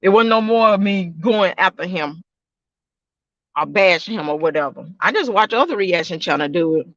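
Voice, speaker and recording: High-voiced man, loose casual vlog talk. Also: animated, moderate pace, a bit bright, no echo, dull audio. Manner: rambling, repeats himself, talks straight to viewers. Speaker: YouTube reaction channel host.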